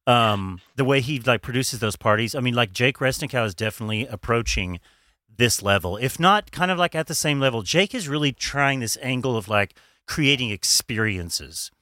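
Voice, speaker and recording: A man with a bright, forward voice talking in a chatty, gossipy way as a podcast co-host, laughing often. The recording is dry and close. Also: mid-range voice, no echo. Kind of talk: casual chat.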